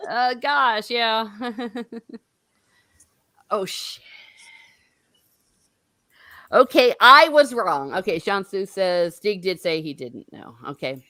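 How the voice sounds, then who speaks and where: A woman's voice: medium pitch, slow, pauses often, sharp tone, no echo, clean studio sound. A woman hosting a casual book discussion livestream, chatty and laughing at herself. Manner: chatty, laughing, self-mocking. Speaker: host.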